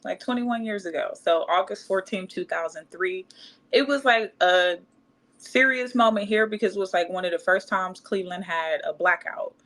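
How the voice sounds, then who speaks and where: A woman's voice: mid-range voice, moderate pace, a bit bright. A woman, candidly telling a personal story in casual podcast chat and acting out other people's voices. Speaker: podcast co-host.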